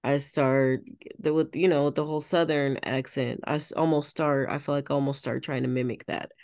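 A woman's voice: a bass voice, steady tone, brisk, darkish tone, dry recording, clean studio sound. A woman co-hosting a podcast in casual chat, thoughtful and searching for her words as she explains herself. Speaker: podcast co-host.

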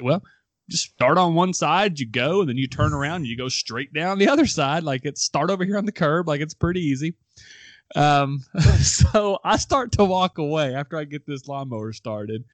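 A young man hosting a casual chat show, telling a story with lively quoted voices and frequent laughs. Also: on the high side, moderate pace, no room sound. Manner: animated storyteller, acts out quotes, laughs often. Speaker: podcast host.

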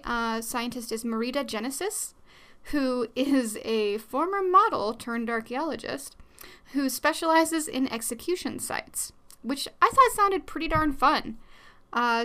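Bright, giggly young woman podcaster. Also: sits high, measured pace. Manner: chatty, rambling, giggly, with many fillers. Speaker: podcast host. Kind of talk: casual solo podcast chat. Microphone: new studio microphone.

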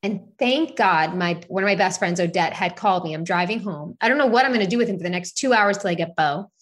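A woman's voice: on the low side, quick pace. A woman in her thirties telling a personal story in casual podcast chat, candid, swearing freely and leaning on "like" fillers. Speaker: podcast co-host.

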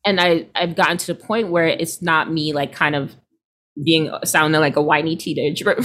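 Woman, thirties, slightly low voice, casual chat, animated quoting of others. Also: moderate pace. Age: 30s. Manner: expressive, acts out quoted people with big pitch jumps. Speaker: guest, healer. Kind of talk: casual podcast conversation.

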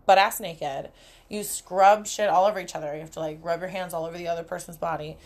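A woman's voice: fairly low pitch, fairly even intonation, fast, darkish tone. Profane, laughing young woman podcaster. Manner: candid, profane, laughs often. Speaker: podcast host. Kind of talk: casual solo podcast storytelling. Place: cabin.

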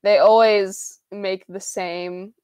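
A woman's voice: mid-range voice, level tone, slow pace, a little mellow, clean tone, no room sound. Chatty laughing woman, dry sound. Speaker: podcast co-host. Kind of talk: casual chat.

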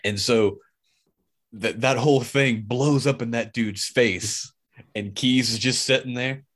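A man's voice: mid-range voice, fairly even intonation, unhurried, a bit bright. A man in a casual podcast chat, rambling through a retelling of a film scene and acting out the quotes.

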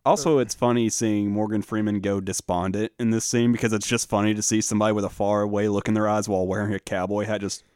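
Low-voiced man making wry asides. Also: fairly even intonation, fast, few pauses, darkish tone, smooth, dry recording, studio quality. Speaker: podcast co-host. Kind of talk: casual chat.

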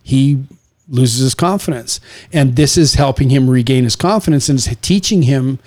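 A man's voice: medium pitch, normal speed, a little mellow. A man in his sixties, a father of young children, telling stories in casual chat and acting out what people said. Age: 60s. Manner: rambling storyteller, acts out quotes.

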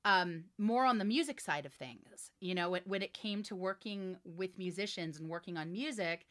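A woman in her forties, a voiceover artist and director, chatting in an interview with lively, emphatic energy and frequent laughs. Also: lowish voice, normal speed, hardly any pauses. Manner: animated, laughing, emphatic storytelling. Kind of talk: casual interview chat.

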